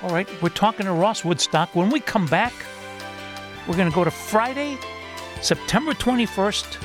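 A man hosting a radio talk show, measured and spelling out details slowly. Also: high voice, over music.

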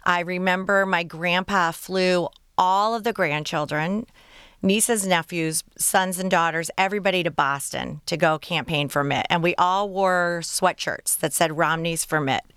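A woman's voice: on the low side, steady tone, a little slow, a bit bright, clean tone, no echo, clean studio sound. A woman from Michigan, a guest on a radio interview, telling stories in short, earnest clauses.

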